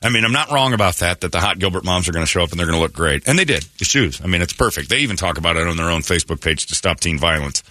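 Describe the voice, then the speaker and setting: Sarcastic deep-voiced radio host man. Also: animated, rapid-fire, hardly any pauses, sharp tone, no room sound. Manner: sarcastic, ranting. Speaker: radio morning show host. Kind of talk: talk radio monologue.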